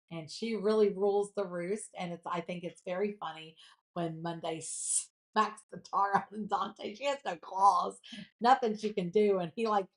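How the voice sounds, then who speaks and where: A woman in her late fifties hosts a live jewelry shopping show. She talks in a chatty, gushing way and reads viewer comments aloud between the sales pitches. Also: fairly bright tone. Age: 50s.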